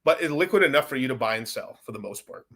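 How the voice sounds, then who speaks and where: A man's voice: mid-range voice, animated, fast, pushed and bright. A man streaming about crypto, talking to his chat in a profane, exasperated, rambling rant.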